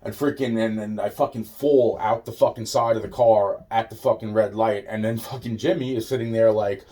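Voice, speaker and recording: A man's voice: lowish voice, steady tone, moderate pace, few pauses, a little mellow, a little hiss or hum. A man telling a rambling personal story. He swears constantly, loses his thread and trails off into repeated fillers.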